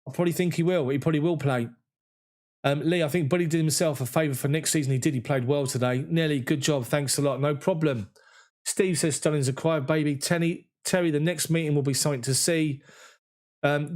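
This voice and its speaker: A man with a slightly high voice hosts a football fan live stream. He reads viewer comments aloud one after another, with short thanks between them. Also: a little mellow. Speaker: football fan channel host. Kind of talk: live stream chat reading after a match.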